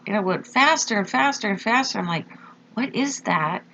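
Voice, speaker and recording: A woman slowly recounting a personal experience, halting with fillers and pauses. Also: medium pitch, lively intonation, sharp tone, slight background noise. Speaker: storyteller recounting a near-death experience. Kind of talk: slow personal testimony. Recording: dull lo-fi recording.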